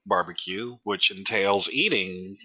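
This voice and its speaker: A man chatting casually as a tabletop player, relaxed and drawing out words for emphasis. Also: deep voice, measured pace, rough recording. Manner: relaxed and chatty, tells stories with stretched emphasis. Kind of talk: casual chat.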